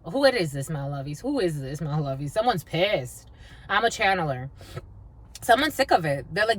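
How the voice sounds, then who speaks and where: A woman's voice: mid-range voice, very animated, moderate pace, a bit bright. A woman giving a channeled tarot reading, blunt and swearing freely, and sometimes half-singing her lines. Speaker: psychic reader.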